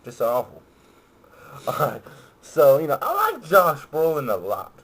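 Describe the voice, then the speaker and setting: A man's voice: fairly high pitch, wildly swooping pitch, measured pace, fairly bright tone, slightly rough. A young man co-hosting a casual movie-ranking chat, hesitant and full of fillers, with a laid-back manner. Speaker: co-host of a movie review show.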